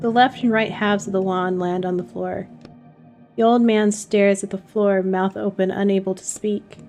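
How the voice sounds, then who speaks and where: A woman's voice: medium pitch, moderate pace, soft background music. A woman hosting a let's play, reading a narrative game aloud and reacting with casual asides. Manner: lively, laughs and reacts to the text.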